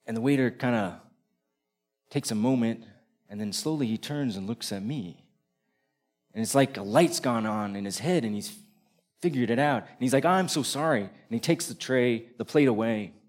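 A man's voice: mid-range voice, moderate pace, a little mellow. A man performing a first-person comic story, vivid and descriptive, building tension toward punchlines.

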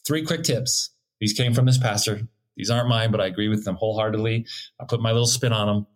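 A man's voice: lowish voice, steady tone, fast. A middle-aged man co-hosting a casual talk on marriage, earnest and preachy with a joking streak. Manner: earnest, preachy, jokey, laughs often. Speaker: co-host teaching on marriage. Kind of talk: casual teaching chat.

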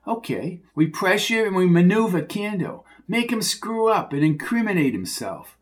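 A man voicing a pushy, streetwise male hustler who needles and talks in quick bursts. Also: sits high, sing-song, pitched above the performer's own voice. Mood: urgent, needling.

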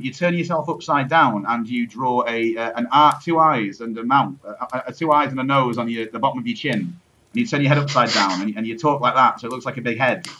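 A man's voice: mid-range voice, sharp tone, dull audio, slight background noise. A young man chatting casually, rambling with many ums, restarts and swearing. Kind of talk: casual chat.

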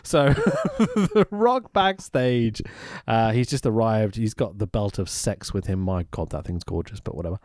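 A man chats loosely as a podcast co-host, swearing freely and breaking into laughter. His pitch swings widely from low mutters to high bursts. The sound is dry and close. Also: moderate pace, hardly any pauses, no echo. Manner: excitable, sweary, laughs often. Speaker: podcast co-host recapping wrestling. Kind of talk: casual chat.

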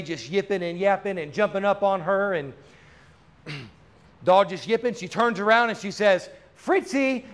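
A charismatic sermon fills the church sanctuary as a preacher with a notably high voice speaks fervently. He builds his delivery into loud, stretched-out proclamations.

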